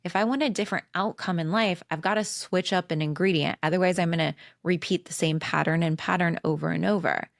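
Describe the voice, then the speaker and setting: Frank woman in her forties, low voice. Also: a little fast, creaky, hardly any pauses, no echo, studio quality. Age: 40s. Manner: candid and profane, fillers of "like", animated re-enacting of quotes. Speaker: podcast host. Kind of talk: casual spiritual self-help monologue.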